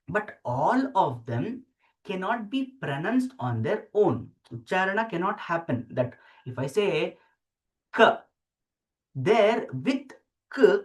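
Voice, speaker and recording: A Sanskrit teacher explains the script while writing out letters, speaking slowly and deliberately in a mid-range voice. He repeats sounds aloud so learners can practice.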